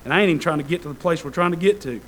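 A man preaching a sermon in a conversational way, with joking asides, then building to loud fervent peaks. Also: on the high side, racing, a little hiss or hum, low-quality recording. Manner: conversational, self-deprecating asides with laughter. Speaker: pastor.

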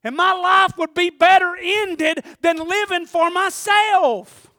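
A man preaching with fire in a drawl, his voice sitting unusually high and ringing bright and forceful. He swings from low, hushed asides to loud shouted calls to the congregation. The sound is dry and close. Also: steady tone, takes it slowly, dry recording. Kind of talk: sermon.

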